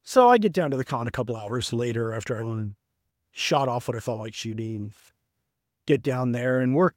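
A man telling a long anecdote as a podcast guest, acting out the people he quotes in an animated way. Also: mid-range voice, no echo, studio quality. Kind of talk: anecdotal storytelling.

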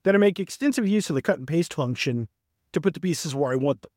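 A middle-aged man with a Southern US accent talks fast in a fairly high voice, recorded in studio quality with no echo. As an author in a casual interview he tells animated stories, raising his voice to play the friends he quotes.

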